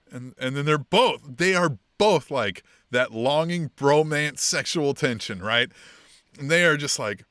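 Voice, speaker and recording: Male podcast co-host, lively pitch, close dry sound, profane and animated recapper. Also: moderate pace, no echo. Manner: animated, swears freely, acts out quotes in mock voices. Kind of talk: casual wrestling recap chat.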